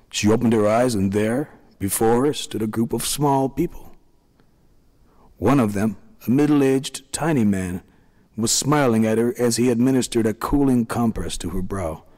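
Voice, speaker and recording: Male narrator, low and calm, measured storytelling, long hall reverb. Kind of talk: scripted narration.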